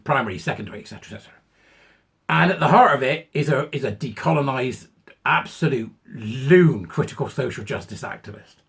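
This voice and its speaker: A man's voice: medium pitch, slightly rough. An English man ranting in sarcastic, mocking commentary and laughing at his own jokes. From England. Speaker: online commentator.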